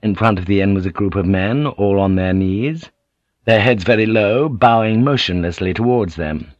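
A man narrates an audiobook in a steady, descriptive reading with a low voice. The recording is dull and muffled, with a dry, close sound. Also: normal speed, no room sound. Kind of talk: scripted narration.

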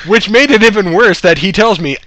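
A man's voice: high-pitched, moderate pace, bright, forceful tone. A man casually telling a story, swearing a lot and laughing between lines.

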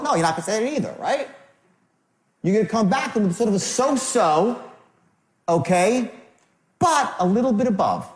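Man, sales trainer, live seminar, lively swinging pitch, echoey room. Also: normal speed, pauses often. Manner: acts out customer and salesman lines, shifting tone.

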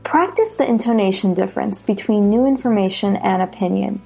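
A woman with an American accent teaching pronunciation, slowly repeating example sentences and stressing the key words. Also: medium pitch, vocal fry, warm tone, soft background music. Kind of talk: slow, deliberate lesson with spoken examples.

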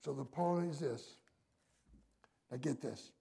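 A male pastor preaching a sermon with emphasis, his delivery swinging from hushed to loud. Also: fairly high pitch, slow, gravelly, slightly rough.

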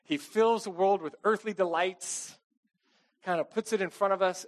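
A man's voice: high-pitched, moderate pace. A middle-aged man preaching a casual, conversational sermon, chatty and self-deprecating, often asking the congregation "okay?". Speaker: pastor.

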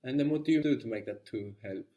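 A man's voice: medium pitch, fast, warm tone, muffled recording. A man teaching a language lesson, explaining patiently and encouraging his student.

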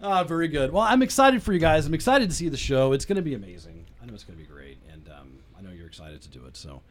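A man's voice: medium pitch, big pitch swings, quick pace. A man hosting a local radio talk show, chatting casually and encouragingly with guests and laughing often. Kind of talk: casual interview chat.

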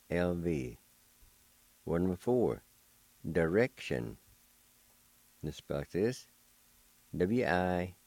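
A man's voice: deep voice, mellow, no room sound. A man teaching words on the radio, spelling them out patiently letter by letter. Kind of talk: slow spelled-out language lesson.

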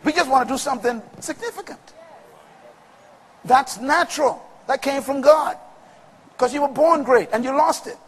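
A man preaching a sermon to a congregation with call-and-response and rhythmic, shouted peaks. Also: extremely high pitch, moderate pace, long pauses. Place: large room with congregation. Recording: long reverb of a large hall.

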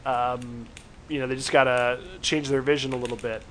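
A man's voice: medium pitch, level tone, fairly bright tone, slight background noise. A man co-hosting a horror review podcast, casually retelling an episode's plot and acting out the quoted lines. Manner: retells plot with quick asides, acts out quotes. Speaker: podcast co-host. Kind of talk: casual recap chat.

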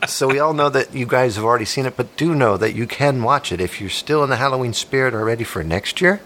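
A man in his fifties hosting a comedy podcast, rambling excitedly and joking. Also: medium pitch, quick pace. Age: 50s. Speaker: podcast host.

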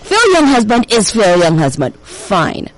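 A woman's voice: medium pitch, huge pitch swings, measured pace. A woman with a Filipino accent co-hosting a radio show, giggly and mixing English with Tagalog. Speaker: radio host. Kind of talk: playful radio banter.

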